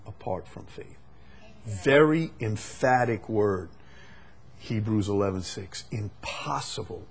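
A man preaching a sermon, moving from quiet, conversational explanation to loud, emphatic, repeated declarations. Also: lowish voice, slightly rough. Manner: swings from quiet explaining to shouted emphatic climaxes.

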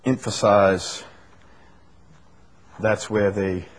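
Man, preacher, bible study sermon, husky voice, builds loud emphatic repetition, then drops to quiet explaining. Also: on the low side, fairly even intonation, drawn-out words.

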